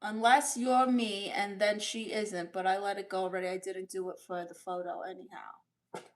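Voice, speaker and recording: Medium in pitch, fairly even in intonation and close to an everyday voice, she speaks at normal speed. The woman is hosting a chatty comedy livestream in her bedroom as a sassy, doting middle-aged aunt, welcoming viewers and reading chat with big swoops.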